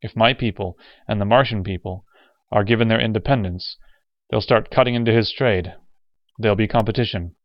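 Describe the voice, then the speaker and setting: A male narrator plays a harsh, coldly mocking outsider in a storybook reading, his voice low and dry. The recording sounds dull. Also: brisk, dry recording, natural voice. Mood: grim. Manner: harsh, cold, sardonic. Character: bitter, sardonic off-world man.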